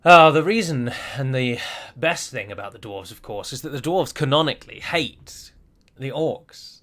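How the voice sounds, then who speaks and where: Guy narrating his strategy game, chatty and dry humored, bright punchy voice. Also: mid-range voice, expressive, a little slow. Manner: chatty, wry asides to his own units. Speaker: gameplay commentator. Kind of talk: strategy game let's play commentary.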